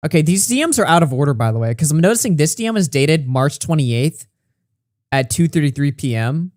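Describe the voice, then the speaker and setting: A man's voice: a little high, animated, brisk, a little mellow, no echo, clean studio sound. A young man streaming casual commentary, reading messages aloud with mocking asides and frequent laughter.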